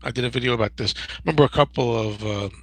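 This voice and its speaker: A man in his fifties hosting a casual livestream Q&A, rambling and digressive with many restarts and a gravelly, husky voice. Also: mid-range voice, very fast, dry recording, poor audio. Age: 50s. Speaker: host.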